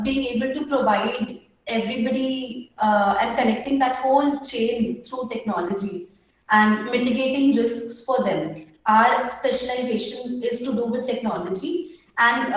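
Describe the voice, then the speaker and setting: A young woman pitching her startup, a bit nervous, with many filler pauses and restarts. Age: young adult. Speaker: startup founder. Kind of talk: pitch at an online women entrepreneurs' meetup. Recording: very echoey room.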